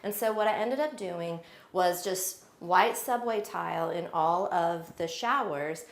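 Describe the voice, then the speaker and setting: A woman's voice: on the low side, unhurried. A middle-aged woman, chatting casually while she shows guests around her home, with lots of fillers. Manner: chatty and friendly, with frequent fillers. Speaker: homeowner giving a home tour. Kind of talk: casual home tour chat.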